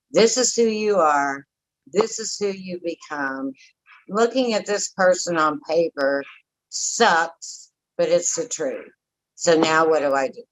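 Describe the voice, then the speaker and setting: A woman's voice: mid-range voice, low-quality recording. A woman, candidly telling her recovery story as an interview guest, blunt and emotional with frequent tangents.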